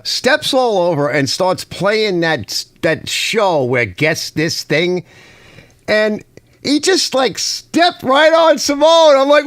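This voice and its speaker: Animated man ranting on a live stream. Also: no room sound. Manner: animated, swings from muttering low to shouting high; chatty, addresses viewers as fellas. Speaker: host of a garage live stream. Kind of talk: casual live-stream rant.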